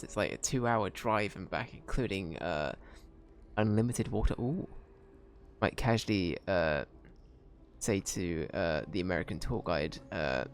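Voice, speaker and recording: A streamer chatting through his gameplay in a loose, rambling way. His voice sits a little low, and he keeps mocking himself and joking between thoughts. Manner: rambling, self-mocking, jokey. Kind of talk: casual gameplay commentary.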